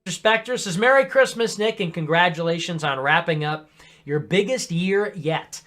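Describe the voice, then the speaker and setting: A man on a podcast reading viewer messages aloud in a wry, deadpan way. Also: a little high, unhurried. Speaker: podcast co-host reading chat.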